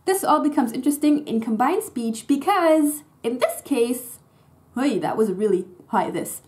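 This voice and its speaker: A woman's voice: fairly high pitch, a little mellow. A young woman, a native German speaker, giving a casual, chatty lesson that explains grammar in English and stresses her example words. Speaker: German language teacher.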